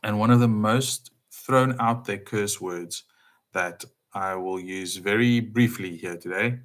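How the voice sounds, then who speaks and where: A man gives a casual spiritual talk in a fairly low voice. He is emphatic and asks the listener rhetorical questions. His voice swings from loud to soft. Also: slow. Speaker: speaker.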